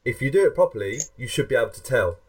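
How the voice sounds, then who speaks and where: A man's voice: mid-range voice, animated, quick pace. A man hosting a casual podcast, rambling and chatty, with many restarts and self-mocking asides. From England. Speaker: podcast host. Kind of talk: casual chat.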